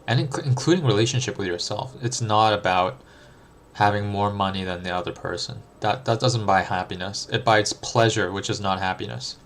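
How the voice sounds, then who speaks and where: Young man, low-pitched voice, reflective livestream chat, thinks aloud with ums. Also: normal speed, fairly bright tone, slight background noise. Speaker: streamer answering chat.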